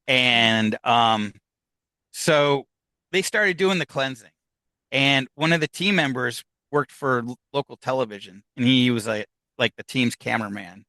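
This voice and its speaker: A man's voice: mid-range voice, sharp tone, dry recording, poor audio. A man from Upstate New York, a guest in a podcast interview, telling a long story with many fillers and restarts and acting out what other people said. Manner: rambling, halting with fillers and restarts; acts out other people's lines as he tells the story.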